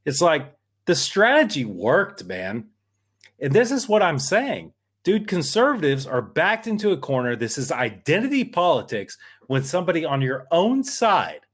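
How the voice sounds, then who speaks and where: A man with a fairly high, bright voice co-hosts a political podcast, chatting casually in a worked-up, emphatic, rambling way.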